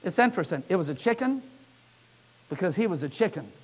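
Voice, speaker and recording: High-voiced animated preacher, man. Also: fast talker, breathy edge. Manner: animated storytelling, acts out the scripture characters' lines; frequent "uh" fillers. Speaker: pastor. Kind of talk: sermon.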